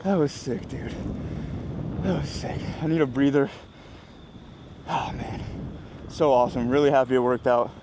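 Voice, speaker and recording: A man's voice: medium pitch, moderate pace, long pauses. A man hosting a fishing video, talking energetically and breathlessly as he fights a fish from a bridge. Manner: energetic, exclaiming, breathless bursts. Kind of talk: excited outdoor fishing vlog chatter. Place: outdoors on a bridge over the water. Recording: outdoor wind and water noise.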